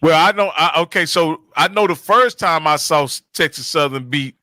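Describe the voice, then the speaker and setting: Casting note: emphatic male sports panelist, higher voice, bright and forward tone, dry close sound. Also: moderate pace, no room sound. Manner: emphatic, repeats himself, laughs often. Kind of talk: casual sports talk.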